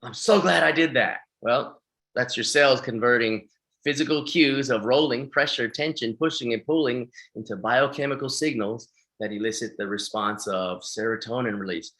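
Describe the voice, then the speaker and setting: Bright-voiced man lecturing in a webinar. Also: medium pitch, normal speed. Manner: energetic, keeps checking in with "right?" and "okay?". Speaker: fitness instructor. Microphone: webinar microphone.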